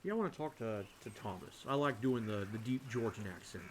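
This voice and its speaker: A man's voice: mid-range voice, expressive, fairly quick, a little hiss or hum. A man doing casual game commentary while playing, in a playful and offhand way. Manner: playful and offhand, hums silly sounds. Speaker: let's-play host.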